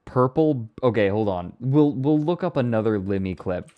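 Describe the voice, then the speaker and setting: A man's voice: lowish voice, animated, moderate pace, muffled recording. A man streaming, giving laid-back, joking commentary in a casual reaction stream.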